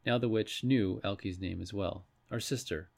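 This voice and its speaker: Man, storybook narration, measured, deep, gravelly. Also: darkish tone. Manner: measured, with occasional slips and restarts. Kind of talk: storybook read-aloud narration.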